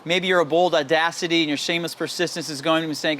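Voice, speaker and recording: A man preaching a daily devotional with a fairly high voice. He speaks earnestly and candidly, in a personal tone, and often repeats his points with pleading emphasis. A faint hiss sits under the voice. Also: steady tone, quick pace, few pauses, fairly bright tone. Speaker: pastor.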